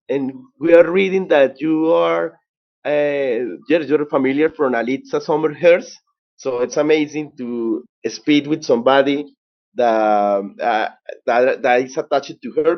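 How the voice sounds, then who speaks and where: A male co-host whose first language is Spanish, speaking halting English and searching for words. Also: a little high. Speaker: co-host interviewer. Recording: dull lo-fi sound.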